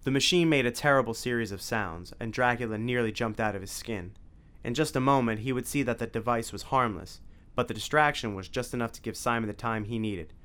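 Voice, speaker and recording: A man narrating an adventure story as an audiobook, with clear, evenly paced storytelling. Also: mid-range voice, fairly quick, a bit bright.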